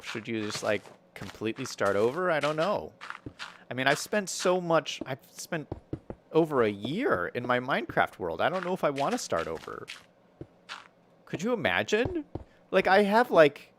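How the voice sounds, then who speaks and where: A man's voice: mid-range voice, big pitch swings, moderate pace, a bit bright, slight background noise. A man streaming a building game, chatting casually with viewers and thinking aloud as he builds, with an American accent and frequent laughs.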